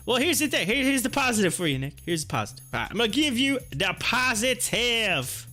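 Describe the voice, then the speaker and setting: A man hosting a live stock-market stream, chatting excitably with his viewers and reading their comments aloud. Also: very high voice, fairly quick, soft background music.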